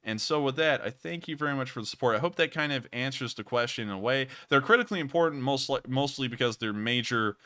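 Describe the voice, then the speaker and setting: A man hosting a casual livestream and answering viewer donations. He deliberately pushes his voice higher to keep his delivery lively. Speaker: livestream host reading donations.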